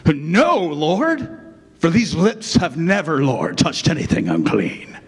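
A preacher doing a prideful old apostle who turns up his nose, swooping high and low in a mock English manner. Long reverb trails behind each line, as in a large church hall. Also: big pitch swings, slow, husky, full character voice. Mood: haughty refusal. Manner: mock-haughty, attempts an English accent. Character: proud apostle man refusing, haughty.

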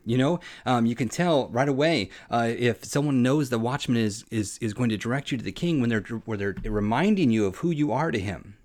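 A man's voice: mid-range voice, lively intonation, brisk, few pauses, darkish tone. A man hosting a devotional podcast, preaching in an earnest, heartfelt, personal way and often restarting his sentences. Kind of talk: conversational sermon.

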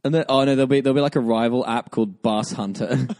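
A man's voice: mid-range voice, fairly even intonation, fast, vocal fry, a little mellow, no echo, studio quality. A man co-hosting a comedy podcast, riffing on jokes and laughing as he talks. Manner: joking, giggly, riffs on bits. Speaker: podcast co-host. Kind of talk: casual comedic chat.

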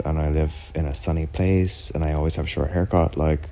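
A man's voice: low-pitched, fairly even intonation, a little fast, few pauses, warm tone. An Irish man hosting a podcast, telling a story in a chatty, rambling way, full of "like" and "do you know what I mean". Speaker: podcast host. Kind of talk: casual solo chat.

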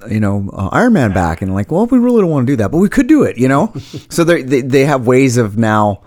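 A man's voice: mid-range voice, sing-song, fairly quick, a little mellow, no echo, studio quality. A man co-hosting a casual podcast chat, joking and laughing often. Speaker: podcast co-host.

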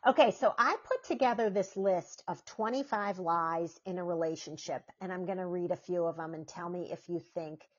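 A middle-aged podcast host keeps her chat casual, acting out the quoted voices in her stories with animation. Her fairly low voice moves at a moderate pace with hardly any pauses. The recording sounds muffled.

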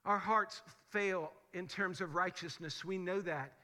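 A man's voice: high-pitched, measured pace, bright, forceful tone. A male pastor delivering a conversational, emphatic sermon full of rhetorical questions in a large church sanctuary. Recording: long hall reverb of a church.

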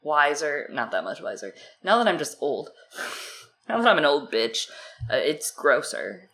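A woman's voice: low-pitched, very animated, measured pace, fairly bright tone, roomy sound, slight background noise, rough recording. A young adult woman co-hosting a casual book discussion, reading passages aloud with playful asides. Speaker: podcast co-host.

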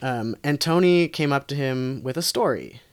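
A woman co-host narrates a true crime story in a relaxed, conversational way. She leans on fillers and laughs easily as she goes. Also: very deep voice, moderate pace. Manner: laid-back, laughs often, lots of fillers. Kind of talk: casual storytelling chat.

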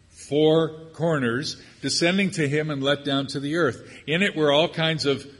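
An older male preacher delivers a sermon in a husky, slightly breathy voice, mixing scripture with humorous, chatty asides. His voice carries a long reverb, as in a large sanctuary. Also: a little high, a bit bright.

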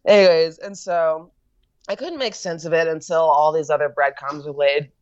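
An American woman tells a winding personal story over a video call, with a fairly low voice. She talks casually, jumping into the voices of people she quotes. The sound is dry and a little dull. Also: moderate pace, no echo. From United States. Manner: animated storyteller, acts out quoted voices, many fillers and laughs. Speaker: guest, fiber artist.

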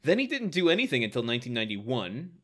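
A man's voice: mid-range voice, wildly swooping pitch, quick pace, a bit bright. A man co-hosting a podcast, chatting casually and laughing often while recapping a sitcom episode. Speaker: podcast co-host.

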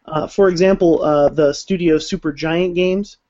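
A man on a casual podcast, earnest and measured as he explains his views. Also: on the high side, steady tone, mellow, lo-fi sound. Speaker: podcast co-host. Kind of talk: casual chat.

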